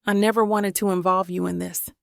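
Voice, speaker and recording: A troubled wealthy man confesses in a low, measured voice, read by a woman narrator. A gravelly fry runs under the words. The sound is dry and close. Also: level tone, no room sound, close to an everyday voice. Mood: earnest.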